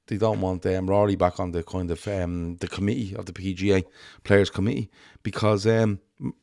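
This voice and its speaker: Male podcast co-host, lowish voice, loose rambling delivery, dry mic. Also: steady tone, moderate pace, gravelly, darkish tone, no room sound. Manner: rambling, many ums and restarts. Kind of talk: casual chat.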